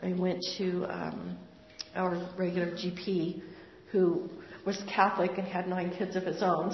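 An older woman sharing a personal faith testimony in an earnest, conversational way, with pauses and fillers. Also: lowish voice, flat delivery, slight background noise. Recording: roomy hall, dull lo-fi sound.

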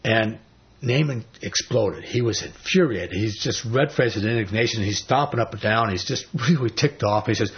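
A man with a fairly low voice leads an informal Bible study. He retells the stories in a folksy, rambling way, full of fillers, and throws in animated quoted voices. The recording sounds dull and lo-fi. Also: moderate pace.

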